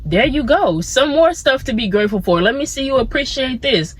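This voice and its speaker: A woman's voice: high-pitched, lively intonation, a little fast, breathy edge. A woman voicing God as a kindly, teasing male figure who hands out gifts. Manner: playful, teasing.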